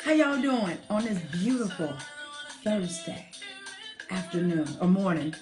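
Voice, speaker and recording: Hosting a live online show, a woman with a medium-pitched, expressive voice chats unhurriedly and affectionately with viewers, reading their shout-outs and calling them darling and honey. She says y'all a lot, while an R&B song plays softly behind her.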